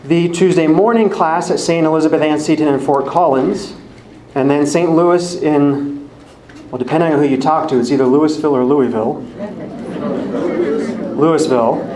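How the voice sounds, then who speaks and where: Speaking at a moderate pace, this man has a voice on the high side, a little mellow, with a bit of hiss or hum. He teaches a Bible study and delivers friendly, orderly announcements to a live group in a church hall that echoes, with faint ambience.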